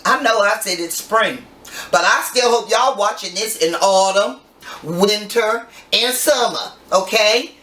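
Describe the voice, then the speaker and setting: Older woman, cooking host, playful folksy chatter, bright tone, roomy echoing kitchen, mic at a distance. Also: mid-range voice, measured pace. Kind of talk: casual cooking demonstration. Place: home kitchen.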